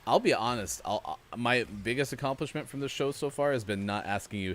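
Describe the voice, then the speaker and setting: A man's voice: on the low side, fast talker, hardly any pauses, slight background noise. A man hosting a morning gaming stream, chatting casually and rambling with many fillers while he plays. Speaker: show host.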